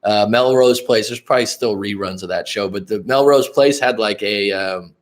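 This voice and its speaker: A man's voice: fairly low pitch, moderate pace. A male life coach hosts a casual livestream. He rambles from one thought to the next, swears freely and often stops to speak straight to viewers in the chat. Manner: rambling, profane, addresses chat viewers directly.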